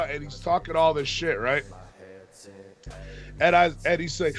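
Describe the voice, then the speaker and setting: A man's voice: on the high side, steady tone, moderate pace, long pauses, a bit bright, faint music behind. A man casually telling a long, profane story on a podcast, acting out the arguments he quotes. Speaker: podcast co-host.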